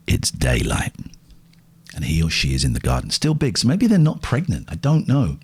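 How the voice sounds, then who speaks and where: A man's voice: very deep voice, wildly swooping pitch, moderate pace, husky, rough recording. Man hosting a radio show. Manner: whispers and coos softly to an animal in the garden. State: out of breath. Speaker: radio host. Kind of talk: casual radio chat.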